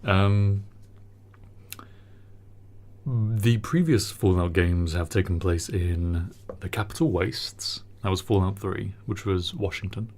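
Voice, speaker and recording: Low-voiced man, joking and rambling. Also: takes it slowly, a little mellow. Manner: joking, rambling, lots of ums. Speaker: co-host. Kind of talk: casual chat.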